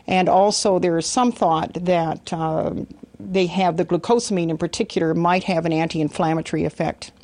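A woman professor explaining research in an interview, pausing often with ums and uhs. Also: on the low side, steady tone, darkish tone, dry recording. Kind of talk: interview answer.

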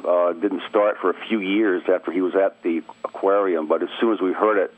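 Deep-voiced middle-aged man on a phone line. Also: steady tone, brisk. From Maine. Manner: easygoing, chuckling, anecdotal. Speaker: interview guest. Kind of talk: casual storytelling over the phone. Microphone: telephone. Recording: tinny dry phone line.

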